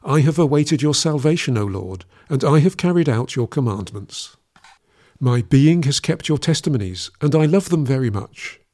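A man giving a solemn scripture reading in a measured, even recitation, his voice dropping lower each time he addresses the Lord. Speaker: scripture reader.

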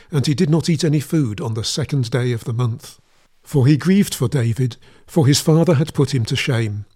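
A man giving a steady, measured scripted reading of a Bible passage. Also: mid-range voice, husky. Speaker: scripture reader.

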